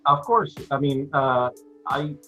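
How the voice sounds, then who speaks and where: A man's voice: mid-range voice, pushed and bright, faint music behind, rough recording. An older man, an actor, chatting as a guest in an interview, with many restarts and fillers. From United States. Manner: halting, many restarts and fillers, then clear and measured. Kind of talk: casual interview chat.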